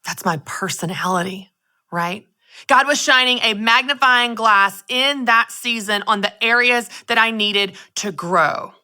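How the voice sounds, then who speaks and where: A woman hosting her own show, giving a lively, expressive faith-based talk straight to her listeners. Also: on the high side, measured pace, few pauses, clean tone. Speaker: podcast host. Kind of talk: casual faith-based monologue.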